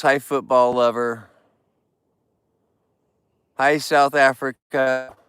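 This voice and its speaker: A tired man from California hosts a casual livestream, trimming flowers while he greets viewers and chats and jokes with them. His mid-range voice has a fairly bright, clean tone, recorded with no echo.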